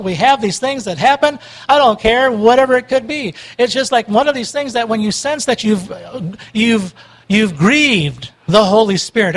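High-voiced male preacher. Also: rough recording. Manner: emphatic, swings from loud urging to quiet pleading. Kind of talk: sermon.

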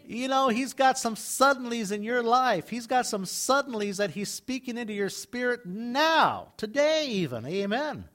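A man preaching a sermon in a conversational way, swinging between loud, emphatic lines and quiet asides. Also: very high voice, expressive, a little slow, few pauses. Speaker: pastor.

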